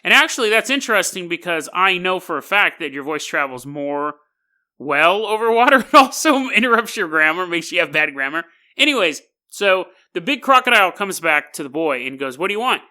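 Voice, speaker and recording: A man's voice: high voice, very animated, normal speed, bright, forceful tone. A man hosting a podcast, telling a story in a rambling, jokey way and laughing often. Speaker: podcast host.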